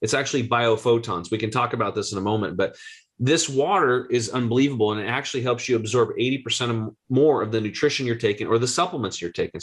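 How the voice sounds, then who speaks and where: Energetic man in his forties. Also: mid-range voice. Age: 40s. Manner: energetic, excitable, slangy. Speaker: guest health coach. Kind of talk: animated storytelling.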